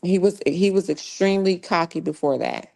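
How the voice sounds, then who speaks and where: Low gravelly-voiced livestream host woman. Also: moderate pace, a little mellow. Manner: blunt, heavy cussing, slangy. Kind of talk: true crime live commentary.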